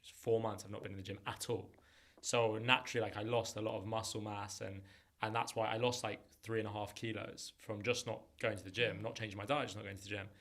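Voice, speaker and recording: A man in his thirties, a comedian guest chatting casually on a podcast in an animated, jokey way and quick to laugh. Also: fairly low pitch. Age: 30s.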